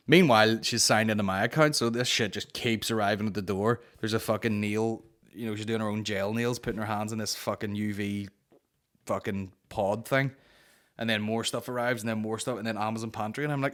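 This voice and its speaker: A man's voice: fairly low pitch, fairly even intonation, a little fast. A man in his thirties hosting a solo comedy podcast, rambling, swearing and cutting himself off. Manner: swearing, rambling, self-interrupting. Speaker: podcast host.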